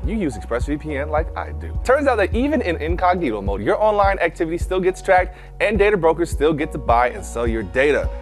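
A man, a host of the show, reading a sponsor ad. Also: fairly high pitch. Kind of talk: read sponsor ad.

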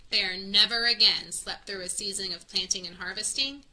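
A woman's voice: medium pitch, moderate pace, bright, forceful tone, low-quality recording. A woman reading a children's picture book aloud, stopping to add friendly teaching asides. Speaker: children's story reader.

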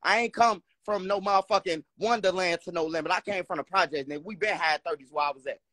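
A man's voice: sits high, quick pace, bright, forceful tone, no echo, studio quality. A man with a Chicago accent hosting a heated livestream argument, talking brash trash and repeating himself. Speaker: host.

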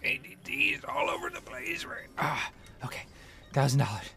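A man's voice: very high-pitched, wildly swooping pitch, normal speed, creaky, in a whisper. A man giving gameplay commentary, grumbling and sarcastic as he talks to his audience. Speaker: let's play gamer.

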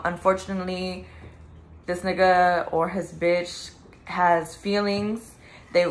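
A woman's voice: lowish voice, a bit bright. A young woman vlogging about her late best friend, tearful at times and then angrily cursing at people who hurt her. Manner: grieving then angry, profane ranting. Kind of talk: emotional direct-to-camera vlog.

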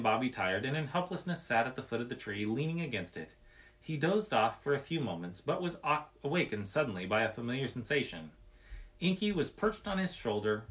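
A man reading a nature story aloud in an expressive, measured way. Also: medium pitch.

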